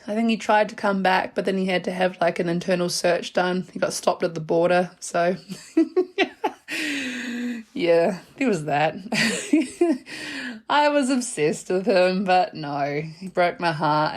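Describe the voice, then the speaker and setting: A woman's voice: medium pitch, lively intonation, unhurried. A woman in her thirties with a New Zealand accent, hosting a casual solo podcast, rambling in a frank, slangy way and laughing often. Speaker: podcast host.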